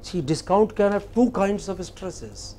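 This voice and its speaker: A man with an Indian English accent lecturing students on English pronunciation, slow and repetitive, often checking with "okay?". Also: high voice, expressive, mellow, slight background noise. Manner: slow, repeats phrases and asks "okay?" often.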